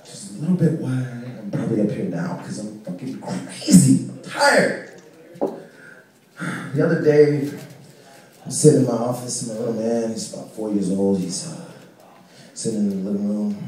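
A male stand-up comedian doing a set in a small club, telling stories in a profane, animated way and shouting out quoted lines. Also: lowish voice, normal speed. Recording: echoey club audio from far off.

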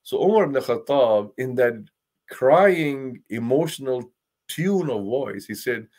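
An imam gives a Quran lesson, telling stories that swing from loud to hushed and reciting Arabic verses quickly. His voice is mid-range with lively intonation.

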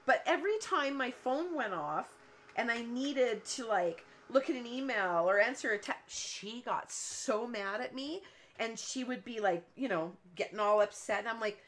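A woman's voice: fairly high pitch, expressive, moderate pace, a bit bright. A woman hosting a cardmaking livestream from her home craft room, chatting and telling long stories while she works. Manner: chatty, rambling storyteller who laughs often. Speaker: cardmaking show host.

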